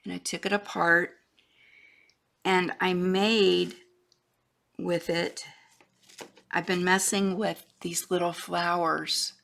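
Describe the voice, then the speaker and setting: A woman's voice: on the low side, little pitch movement, slow pace, vocal fry, pauses often, a bit bright. A woman, chatting casually and rambling as she shows her craft supplies. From Florida, USA. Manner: chatty, rambling, trails off and restarts, drops to a whisper at times. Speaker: craft vlogger. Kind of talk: casual show-and-tell.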